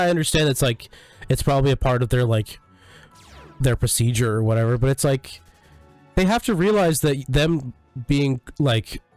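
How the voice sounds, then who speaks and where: A man's voice: medium pitch, darkish tone. Sick, cussing male streamer. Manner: profane, ranting, full of fillers. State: sick, coughing and clearing throat. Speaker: livestreamer. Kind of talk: casual rambling stream chat. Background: faint music.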